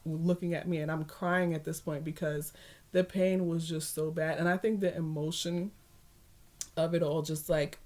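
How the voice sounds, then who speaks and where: A woman's voice: sits low, darkish tone. A young woman vlogger telling a personal story in a casual way, laughing often and acting out the voices of people she quotes.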